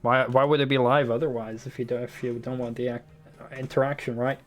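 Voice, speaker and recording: A Dutch man with a mild Dutch accent chats with his stream audience in a loose, meandering way, peppering his talk with "like" and casual swearing. His voice sits at an ordinary pitch for a man, picked up close on a desktop microphone. Quiet game music and keyboard clicks run underneath. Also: little pitch movement, a little fast. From Netherlands. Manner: rambling and loose, heavy on "like", swears freely. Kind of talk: casual live-stream chat. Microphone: desktop USB microphone.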